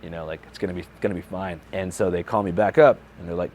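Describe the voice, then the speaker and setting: A man's voice: sits low, fast talker, hardly any pauses, a little mellow, slight background noise. A young man, a journalist and video creator, casually recounting a story with lots of "like" and "you know". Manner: laid-back, filler-heavy, lots of "like".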